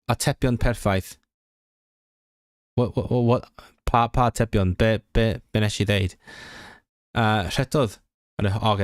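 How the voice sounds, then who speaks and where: A man's voice: on the low side, no echo, studio quality. A young man on a livestream, studying aloud and stumbling, correcting himself as he switches between reading and chatty asides. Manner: thinks aloud, self-correcting and stumbling over words. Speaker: language-learning streamer. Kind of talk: casual livestream study session.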